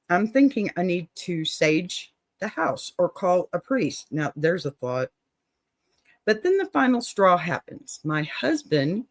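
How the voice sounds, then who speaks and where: A woman's voice: fairly low pitch, no room sound. Lady reading a funny advice letter, lots of laughs, dry mic. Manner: playful, dramatic reading with laughs and asides. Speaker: advice show host.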